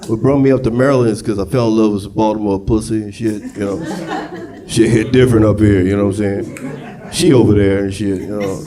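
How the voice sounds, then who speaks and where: A man performing a loud, profane live stand-up set on a club stage, jumping into shouted high voices for his characters. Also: fairly even intonation, fast. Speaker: stand-up comedian. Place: comedy club stage before a laughing crowd. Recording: live club room with crowd. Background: audience laughter.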